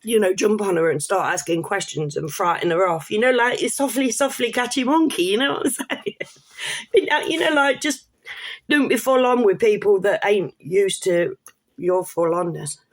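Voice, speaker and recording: A woman's voice: medium pitch, normal speed. A woman rants to her camera in a loose, rambling way. She swears freely and breaks off with laughing asides as she talks to her subscribers. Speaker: vlogger. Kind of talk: casual rant to camera.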